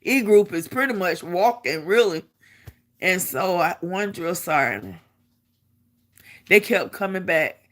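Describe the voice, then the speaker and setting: A woman's voice: on the low side, slow pace, pauses often. A middle-aged woman telling a personal story in a casual vlog, acting out the quotes and laughing as she goes. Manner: animated, acts out quotes, laughs while telling. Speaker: vlogger.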